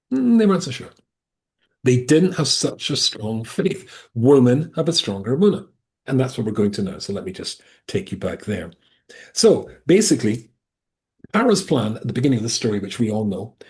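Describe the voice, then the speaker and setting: A man's voice: mid-range voice, a little mellow. A male rabbi teaching a Torah class over a video call, talking in a digressive way with frequent restarts and asides.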